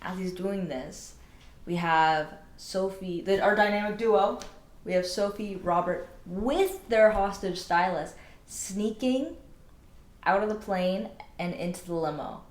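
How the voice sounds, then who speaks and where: A woman's voice: medium pitch, slow pace. A woman casually retelling a novel's plot with playful, dramatic asides. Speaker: book recap vlogger. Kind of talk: casual storytelling recap.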